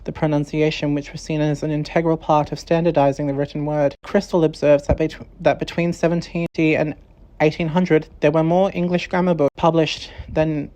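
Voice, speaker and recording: A woman narrating a scripted documentary in a measured way, reading quotations aloud. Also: low voice, level tone, warm tone, rough recording.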